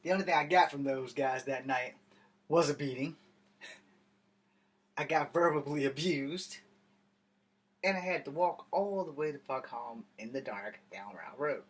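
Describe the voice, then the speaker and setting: A man's voice: mid-range voice, normal speed, pauses often. A man telling a story in a casual vlog rant, blunt and heavy on profanity. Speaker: vlogger. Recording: distant mic with faint ambient noise.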